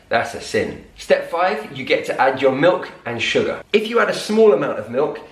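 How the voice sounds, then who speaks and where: A man giving a scripted English lesson, speaking clearly and slowing down to repeat key words. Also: fairly high pitch, sing-song. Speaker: English teacher. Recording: roomy echo.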